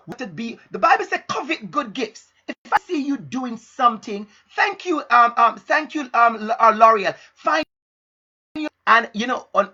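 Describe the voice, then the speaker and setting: Bright-voiced man, deliberate and emphatic. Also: extremely high pitch, slightly rough, dull audio. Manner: deliberate, emphatic, repeats key phrases. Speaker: educator and motivational speaker. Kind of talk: live-streamed motivational talk. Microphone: laptop and phone.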